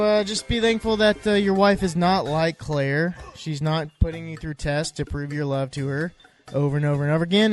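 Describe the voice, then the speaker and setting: Rambling joking man, higher voice. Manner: rambling, joking, many fillers and restarts. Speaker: podcast host. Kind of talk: casual recap chat.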